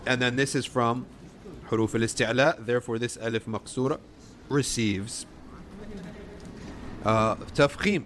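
A man teaching the rules of Quran recitation, modeling sounds slowly and repeating them, asking and answering his own questions. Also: medium pitch, a bit bright, slight background noise. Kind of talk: tajweed lesson, explaining and modeling recitation.

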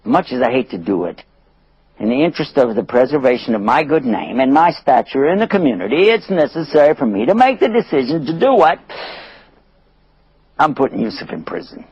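A man's voice: mid-range voice, big pitch swings, a little fast, husky, no room sound. A man voicing a pompous nobleman speaking formally about his good name, on a dull lo-fi recording. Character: pompous male nobleman, concerned for status.

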